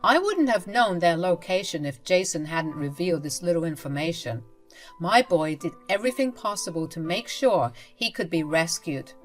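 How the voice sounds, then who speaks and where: Low-voiced woman narrating a story. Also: expressive, normal speed, soft background music.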